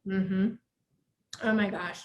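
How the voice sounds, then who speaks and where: A woman's voice: medium pitch, level tone, takes it slowly, highs cut off, slight background noise. A woman hosting a live cooking show from her home kitchen, chatting with enthusiasm and gushing over the food. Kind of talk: live cooking demo chat. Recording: echoey room.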